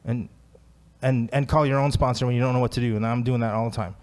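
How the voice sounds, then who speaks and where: A man's voice: mid-range voice, fairly even intonation, fast talker, a little mellow. Chatty self-mocking man telling his story. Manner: chatty and self-deprecating, laughing often. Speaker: recovery speaker sharing his story. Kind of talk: personal story at a recovery talk.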